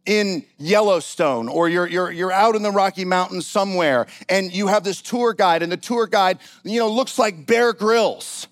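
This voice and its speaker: A male pastor preaching a sermon in an animated, conversational style with casual asides. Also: high voice, normal speed, few pauses.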